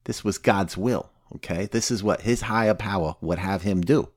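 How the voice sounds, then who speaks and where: Brief: a man playing a blunt, cussing recovery sponsor, very low voice, dry close sound, sardonic teaching. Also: normal speed, dry recording, close to an everyday voice. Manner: blunt, swears constantly, sardonic. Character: blunt, foul-mouthed woman sober AA sponsor. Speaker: recovery step instructor. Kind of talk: casual profane teaching.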